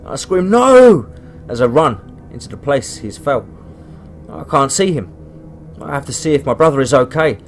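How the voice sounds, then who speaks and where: A man reading a first-person horror story aloud, dramatic and rising to shouts. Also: mid-range voice, normal speed, faint music behind.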